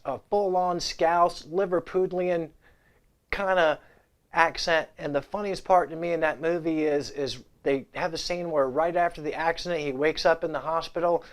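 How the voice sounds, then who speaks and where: Jokey guitar vlog host, man. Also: a little high. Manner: jokey, irreverent, off-the-cuff banter. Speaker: guitar gear channel host. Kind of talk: casual vlog talk to camera. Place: home video set.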